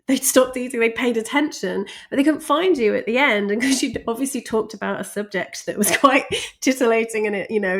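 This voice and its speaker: A woman teaching a communication lesson, chatty and quick to laugh, stressing key words. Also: fairly high pitch. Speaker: communication coach. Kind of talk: recorded lesson.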